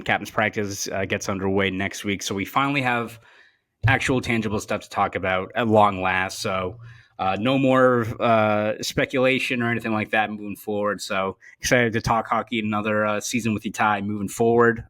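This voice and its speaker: A man's voice: lowish voice, fairly bright tone. A young man hosting a sports podcast, chatting casually and often repeating words as he thinks. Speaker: podcast host.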